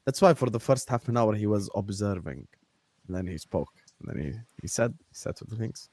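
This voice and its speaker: Excitable man hosting a football stream. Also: fairly low pitch, brisk, dry recording. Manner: animated, laughing, shouting out viewers. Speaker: host.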